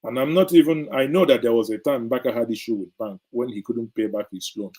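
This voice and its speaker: A middle-aged man delivers heated political commentary in an indignant, sarcastic tone. His voice is dark and husky, and he drives points home by repeating them. The delivery is that of a show host speaking his mind. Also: mid-range voice, brisk, low-quality recording.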